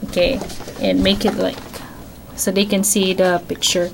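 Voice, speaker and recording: A woman, a parent in a reading program, reading a picture book aloud to her child on air, patient and teacherly, pausing to ask him questions. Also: medium pitch, little pitch movement, gravelly, slight background noise, rough recording.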